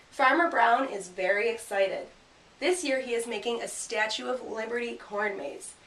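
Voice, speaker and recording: A woman's voice: on the high side, a bit bright, a little hiss or hum. Upbeat woman teacher reading aloud. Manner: clear, upbeat teacher voice, punching out sound words. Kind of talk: classroom grammar lesson and picture-book read-aloud. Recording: roomy sound from a distant mic.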